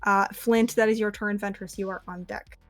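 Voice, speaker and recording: A woman's voice: medium pitch, fairly even intonation, moderate pace, no echo, faint music behind. Dry-voiced woman game master. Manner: vivid descriptive narration with fillers. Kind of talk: narrating a tabletop game.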